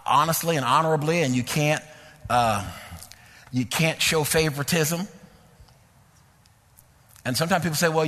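Animated high-voiced man preaching in a hall. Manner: animated, repetitive, rising to near-shouts. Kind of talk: sermon with personal stories.

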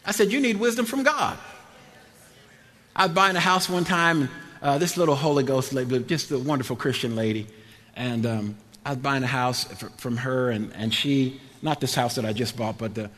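An older man preaching a sermon, animated and laughing, swinging between loud and quiet. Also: mid-range voice, fairly quick. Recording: long hall reverb.

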